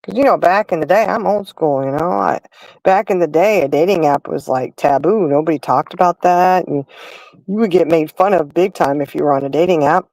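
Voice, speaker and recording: A woman's voice: deep voice, a little fast, darkish tone, no echo, low-quality recording. A middle-aged woman hosting a livestream and chatting casually, telling stories straight to her viewers. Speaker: livestream host. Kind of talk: casual chat.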